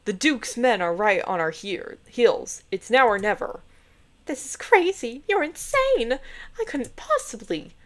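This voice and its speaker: A woman's voice: fairly high pitch, sing-song, a little slow, a bit bright, pitched above the performer's own voice. A woman voicing a frightened young noblewoman in a cheesy old film, breathless and protesting. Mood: panicked. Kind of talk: reading game dialogue aloud.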